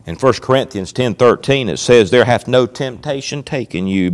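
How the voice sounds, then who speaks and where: A man preaching a sermon on scripture, slowing down on key phrases and sometimes dropping to a near whisper. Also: medium pitch. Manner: preaching with emphatic slowed lines and sudden drops to near whispers.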